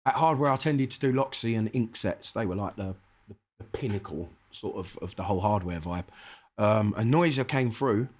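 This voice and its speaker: A middle-aged man with a South London accent, a guest MC telling lively, sweary anecdotes in a casual interview, acting out the dialogue. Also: lowish voice, normal speed. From South London, England.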